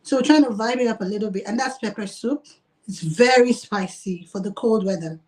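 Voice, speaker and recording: A woman's voice: mid-range voice, a little fast, darkish tone. Woman restaurant owner, casual and giggly, talks on a video call. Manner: chatty, laughs often, uses "like" a lot. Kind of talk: casual interview.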